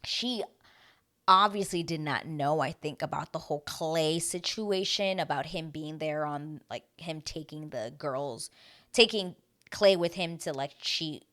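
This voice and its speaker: A woman giving a casual, chatty recap of a reality show, talking animatedly and filling her sentences with "like.". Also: unhurried. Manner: animated, heavy use of "like", dramatic swings in pitch and loudness.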